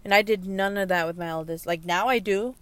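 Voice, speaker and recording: Young mother, candid vlog confession; halting delivery with restarts, voice on the edge of tears. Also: medium pitch, a bit bright, clean tone, no room sound. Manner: halting, emotional, many restarts and pauses. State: close to tears. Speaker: young mother sharing her story. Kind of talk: candid personal monologue.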